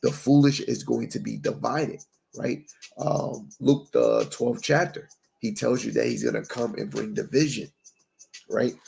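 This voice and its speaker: A man's voice: medium pitch, measured pace, gravelly, a little mellow. A man giving a conversational Bible teaching sermon. He is emphatic, mixes in street slang, keeps asking "right?", and reads scripture aloud in old-fashioned wording. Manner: emphatic, street-slang preaching with constant "right?" check-ins. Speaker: preacher.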